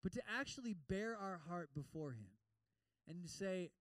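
A man preaching a sermon in an animated way, repeating words as he goes and acting out prayers. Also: sits high, normal speed, no room sound, distant mic, poor audio. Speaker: pastor.

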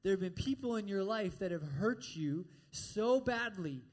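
A high-voiced man preaching a sermon in a church. He talks to the congregation in a direct, conversational way and keeps checking in with quick asides like "all right?". His pitch sits well above most men's. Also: expressive.

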